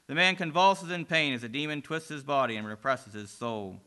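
A man narrating a dramatic religious story, swinging between loud and hushed delivery. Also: a little high, animated, a little fast, few pauses.

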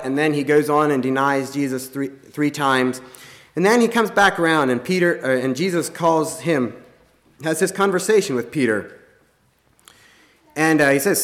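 A man with a somewhat high voice preaches a sermon from the pulpit. He speaks earnestly and plainly, and his sentences often stall on fillers and restarts. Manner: halting, many restarts and fillers.

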